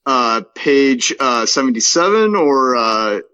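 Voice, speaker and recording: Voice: mid-range voice, animated, takes it slowly, bright, forceful tone, no room sound, muffled recording. A podcast co-host chatting and reading a screenplay aloud, hesitant, with many filler sounds. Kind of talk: casual chat and reading a script aloud.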